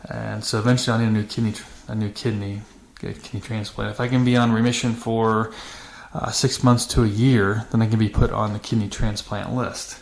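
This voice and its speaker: A man's voice: fairly low pitch, level tone, fairly quick, gravelly. A man hosting a dirt bike vlog, talking casually to camera with many fillers and restarts in a matter-of-fact way. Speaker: channel host. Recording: echoey room with faint noise.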